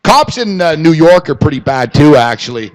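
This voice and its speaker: A man co-hosting a podcast in casual profane banter, telling stories excitedly and laughing often. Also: a little high, normal speed. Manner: excitable storyteller, swears a lot, laughs often. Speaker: podcast co-host.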